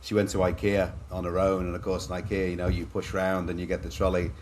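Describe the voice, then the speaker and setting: On a podcast interview, a middle-aged guest from Liverpool, England, talks fast in a low, deep, level voice with an English accent. He chats candidly through personal anecdotes, frequently addressing the host as "mate," over a faint hiss.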